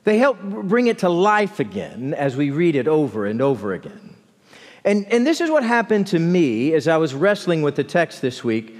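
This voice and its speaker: Animated preacher in a reverberant church. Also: male voice. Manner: expressive preaching, dropping low and slow for emphasis. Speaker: pastor. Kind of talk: sermon. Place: large church sanctuary. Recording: long church hall reverb.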